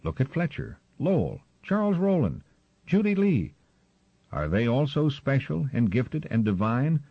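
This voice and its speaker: A man's voice: medium pitch, big pitch swings, measured pace, husky, dry recording, pitched above the performer's own voice, exaggerated voice. A man voicing a wise, firm gull teacher. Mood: firm, earnest. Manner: firm, earnest, encouraging. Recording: slightly muffled recording.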